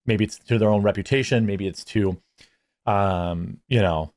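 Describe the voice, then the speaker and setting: A man in a played clip, calmly giving his measured opinion. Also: on the low side, no room sound.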